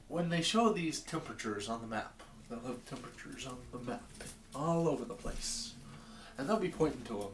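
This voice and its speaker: A man's voice: medium pitch, roomy sound, recorded from a distance, a little hiss or hum. A man from Maine rambling in a wry, exasperated rant to his camera from his basement. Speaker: vlogger. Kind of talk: comedic rant vlog. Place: home basement.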